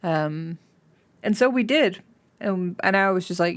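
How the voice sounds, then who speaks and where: Chatting loosely with her live-stream audience, this young woman giggles often and sometimes bursts into thrilled, high-pitched squeals. Her pace is unhurried, with long pauses.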